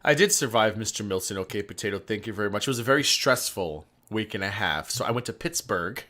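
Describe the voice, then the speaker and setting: A man's voice: fairly low pitch, lively intonation, quick pace, sharp tone. A man guesting on a casual stream, rambling chattily through profane anecdotes. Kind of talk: casual storytelling chat.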